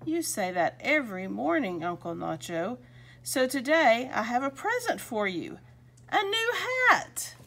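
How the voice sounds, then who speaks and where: A woman's voice: a little high, a little slow, creaky, slight background noise, exaggerated voice. Woman putting on a bubbly schoolgirl niece. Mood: cheerful. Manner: bright, excited calling out. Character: cheerful young schoolgirl niece.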